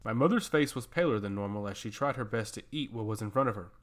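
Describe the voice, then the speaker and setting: A man narrating a first-person fantasy story in a steady, measured reading. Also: lowish voice.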